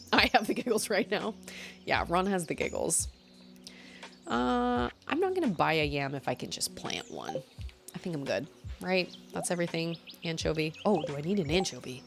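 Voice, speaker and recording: A young woman streamer, very animated, chats casually while gaming, thinking aloud and laughing freely. Her deep voice is creaky and moderately paced, with soft background music.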